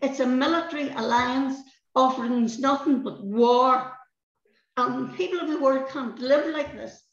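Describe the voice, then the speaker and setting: A woman's voice: high-pitched, measured pace. An older woman with a Northern Irish accent, speaking as a guest in an impassioned, emphatic way and often repeating words. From Northern Ireland. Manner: emphatic, passionate, repeats words when stirred. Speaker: guest, peace activist. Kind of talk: impassioned conversation. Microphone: video call. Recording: roomy, dull lo-fi webinar audio.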